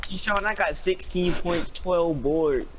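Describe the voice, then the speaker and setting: A man playing a video game with a friend, loud and excitable, yelling and laughing as he reacts. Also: sits high, slow pace. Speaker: gamer. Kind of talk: excited gaming banter. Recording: loud background noise with clicks.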